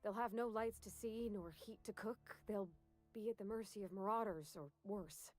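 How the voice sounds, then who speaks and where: Brief: actress as a hesitant, folksy young companion, earnest, mid pitch. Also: female voice, moderate pace, lightly acted. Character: shy, earnest young woman of a company town. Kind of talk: video game dialogue.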